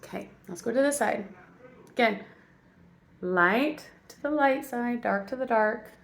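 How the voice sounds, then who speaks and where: A woman with a slightly high, gravelly voice keeps a measured pace as she shows her makeup routine. She's an actress and a mom, an adult parent who's silly, chatty, and speaks directly to viewers in this casual makeup tutorial.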